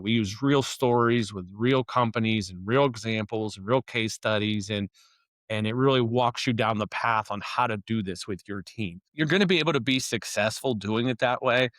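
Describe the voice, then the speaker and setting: Male podcast guest, low voice, dry close sound, easygoing explainer. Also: a bit bright, no room sound. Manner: conversational, restarts and "you know" often. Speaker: construction operations consultant, podcast guest. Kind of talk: casual interview talk.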